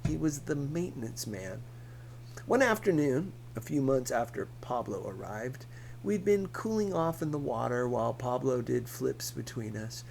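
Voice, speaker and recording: Slow, lively male audiobook reader. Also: mid-range voice, creaky, slight background noise, low-quality recording. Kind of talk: audiobook narration.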